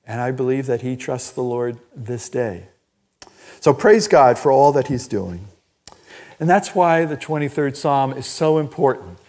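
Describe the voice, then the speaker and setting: An older man preaching a sermon as pastor, telling personal stories in an animated, emphatic way. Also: medium pitch, unhurried. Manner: storytelling, animated and emphatic, laughs at own stories. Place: church.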